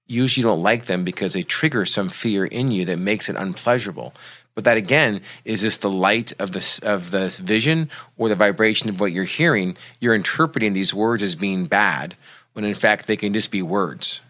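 A man's voice: lowish voice, moderate pace, bright, forceful tone. A man who works as a motivational speaker and coach, explaining his ideas in an earnest, reflective way during a casual podcast chat.

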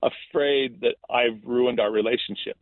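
A man's voice: mid-range voice, fairly even intonation, a little slow, no echo. A middle-aged man, a school principal, telling a story in an earnest, reflective way during an interview. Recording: tinny phone-like line.

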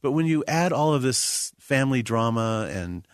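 A man's voice: mid-range voice, animated, normal speed, clear, resonant tone, no echo. A man reviewing a film on a radio show in a studio, rambling and chatty. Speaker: film critic co-host. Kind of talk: casual movie review.

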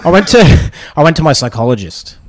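A man, a podcast guest, talking slowly in a deadpan, self-deprecating way. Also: on the high side. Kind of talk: casual chat.

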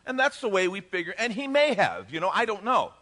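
A male pastor delivers a sermon as lively storytelling, acting out dialogue and joking with the congregation. His voice sits high and swings widely in pitch. The tone is bright and forward. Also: a little fast. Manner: animated storytelling with acted-out dialogue and jokes.

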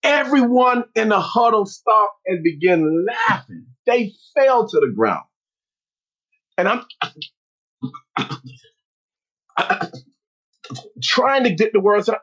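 A man telling a personal story as a motivational talk, speaking slowly and earnestly with pauses. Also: high-pitched, very animated, fairly bright tone, dull audio.

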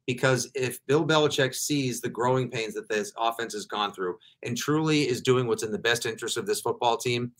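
A man hosting a casual sports chat, energetic and joking, launching into riffing rants. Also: mid-range voice, normal speed, few pauses. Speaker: podcast host.

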